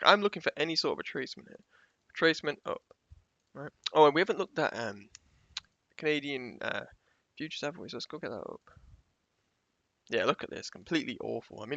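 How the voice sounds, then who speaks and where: A man with a slightly high, bright, forceful voice gives a casual screen-share tutorial on forex trading, repeating key phrases for emphasis. He stays conversational and keeps checking in with the viewer. There's no room sound, and the recording is dull and slightly lo-fi.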